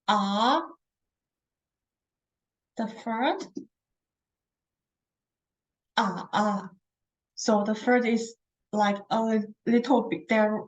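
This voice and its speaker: Slow, patient woman teaching tones. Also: fairly high pitch, darkish tone, low-quality recording. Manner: patient, demonstrates tones by drawn-out vowel sounds. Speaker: Chinese language teacher. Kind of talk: slow pinyin tone lesson.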